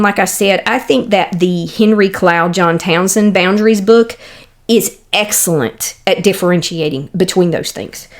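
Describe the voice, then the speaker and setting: Woman, podcast host, earnest conversational teaching, mid-range voice, casual monologue. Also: mid-range voice. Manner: earnest, conversational, with fillers and restarts.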